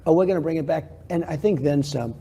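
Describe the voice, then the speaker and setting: A quick-paced older man from New York, appearing as a TV interview guest, boasts and rambles, restating the same points as he circles around. He has a gravelly, very dark voice with a pitch slightly higher than most men.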